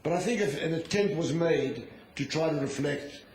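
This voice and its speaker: Man, panel moderator, wry, lightly joking, higher voice, echoey conference hall, faint noise. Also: moderate pace, darkish tone.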